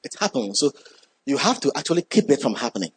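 A man preaching a sermon, emphatic, repeating key words and building up when excited. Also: medium pitch, quick pace, husky.

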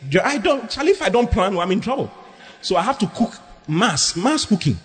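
Pastor preaching, lively and high, joking with the crowd, big echoey hall with faint noise. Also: male voice, a little fast. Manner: animated, humorous, call-and-response preaching. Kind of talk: sermon.

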